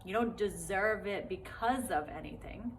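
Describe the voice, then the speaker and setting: A woman's voice: mid-range voice, normal speed, a little hiss or hum. A woman teaching a self-love course in a casual, encouraging way, full of fillers and asides. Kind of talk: spoken course lesson.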